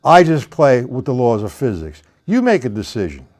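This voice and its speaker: A man's voice: medium pitch, huge pitch swings, moderate pace, a little mellow. Blunt, rambling male drum teacher. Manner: blunt, rambling explanations between counted demonstrations. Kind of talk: live-streamed drum lesson. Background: drums played between talk.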